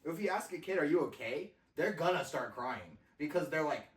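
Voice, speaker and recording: A man's voice: a little high, sing-song, moderate pace. A man co-hosting a casual podcast, reacting with wry remarks and frequent laughter. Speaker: podcast co-host. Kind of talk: casual chat. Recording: echoey room, mic at a distance.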